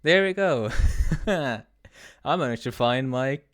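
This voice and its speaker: A man's voice: mid-range voice, expressive, slow, fairly bright tone. A man streaming a game live, chatting with viewers, laughing often and reading the game text aloud.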